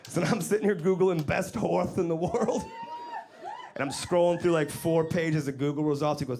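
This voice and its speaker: A man telling a story on a comedy club stage, rising into loud excitement as he acts out the people in it. He swears freely and the audience laughs along. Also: a little high, fast, background noise. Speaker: stand-up comedian. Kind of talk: stand-up set.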